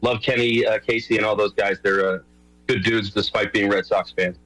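A man's voice: fairly low pitch, fairly even intonation, normal speed, a bit bright, faint music behind, low-quality recording. A middle-aged man from New York, a guest on a radio show, talking casually with lots of fillers and restarts. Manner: rambling, many fillers and restarts. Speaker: guest, show host and rowing coach.

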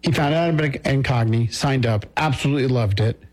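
A man co-hosting a radio show, telling a quick story and joking along. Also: mid-range voice, faint music behind. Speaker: radio co-host. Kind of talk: casual radio chat.

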